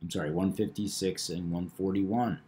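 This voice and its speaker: A man hosting a video, talking through number patterns in a measured, knowing way. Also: deep voice, steady tone, mellow. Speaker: numerology video host. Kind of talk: casual monologue.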